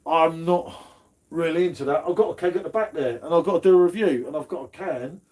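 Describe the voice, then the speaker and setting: A man's voice: fairly high pitch, quick pace, darkish tone. A man hosting a casual beer chat stream, slangy and chatty. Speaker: host of a beer review stream.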